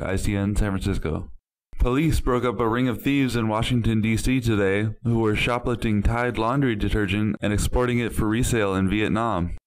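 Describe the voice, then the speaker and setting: A man reporting scripted news stories with a plain, steady delivery. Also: on the low side, poor audio.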